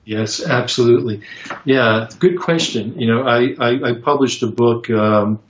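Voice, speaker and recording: A man answering interview questions about psychotherapy in a halting, reflective way, with many fillers and restarts as he tells stories. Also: medium pitch. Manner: reflective storytelling. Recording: roomy, dull lo-fi sound.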